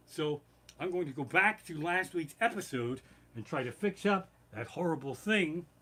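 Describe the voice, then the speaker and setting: A man doing comedic storytelling on a live stream from his living room, rambling, swearing freely and getting heated. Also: mid-range voice. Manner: profane, rambling and animated. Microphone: basic home streaming setup.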